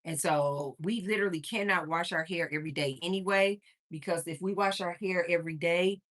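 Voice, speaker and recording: A woman hosting a casual livestream chats to her viewers with animated storytelling. Her voice sits fairly low but comes across bright and forceful. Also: fairly quick. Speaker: livestream host.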